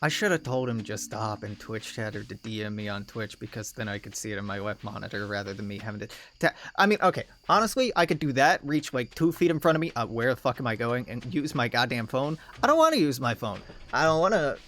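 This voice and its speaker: A man's voice: medium pitch, very animated, fast, few pauses, a bit bright, a little hiss or hum. Man rambling profanely while streaming a game. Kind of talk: casual rambling gameplay commentary. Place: home streaming desk. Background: faint game music.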